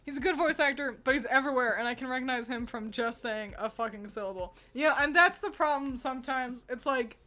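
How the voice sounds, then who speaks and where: A woman's voice: high-pitched, moderate pace, bright, forceful tone, soft background music. A woman streamer in casual, rambling chat, laughing often as she reacts to fan art.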